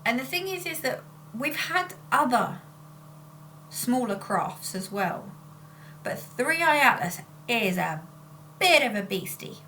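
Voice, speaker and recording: A woman's voice: a little high, very animated, slow, long pauses, sharp tone, a little hiss or hum. A woman, chatting casually on her vlog in a rambling way, often breaking off to correct herself. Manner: rambling and self-interrupting. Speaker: spiritual channeler and vlogger. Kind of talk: casual chat.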